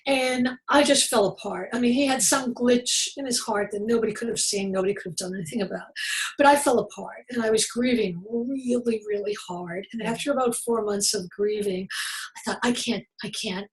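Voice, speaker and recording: A woman author being interviewed, telling a personal story in an earnest, open and expressive way. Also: on the high side, normal speed, low-quality recording.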